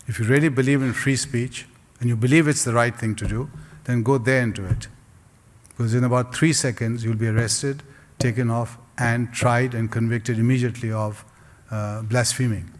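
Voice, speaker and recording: Man, public lecture, rhetorical, humorous asides, reverberant hall. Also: medium pitch. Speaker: guest speaker. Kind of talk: public lecture answering audience questions.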